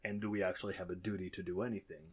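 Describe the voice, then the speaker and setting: A man's voice: low-pitched, flat delivery, rapid-fire, slightly rough. A man hosting a casual podcast interview, easygoing and laughing often, asking strings of questions. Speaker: podcast host.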